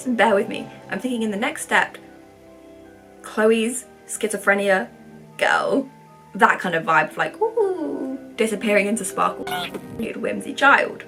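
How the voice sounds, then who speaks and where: A woman's voice: fairly high pitch, expressive, measured pace, gravelly, a bit bright, soft background music. A woman in her twenties, a vlogger, rambling through casual commentary in a chatty, sarcastic way. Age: 20s.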